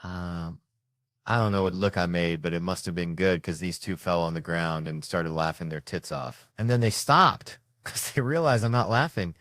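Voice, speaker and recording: A man's voice: sits low, normal speed, fairly bright tone, no room sound, studio quality. A man doing stand-up, telling stories in a profane, exasperated, punchy way. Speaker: stand-up comedian. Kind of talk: stand-up storytelling.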